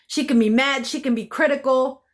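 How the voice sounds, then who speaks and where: Woman vlogger, fairly high voice, raw and heated personal storytelling with heavy swearing. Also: fairly quick. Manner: intense, bitter, heavy swearing; repeats phrases for emphasis.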